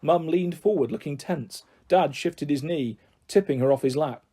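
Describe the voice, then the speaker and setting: A man reading a children's storybook aloud in a steady, measured narration. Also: on the high side, breathy edge.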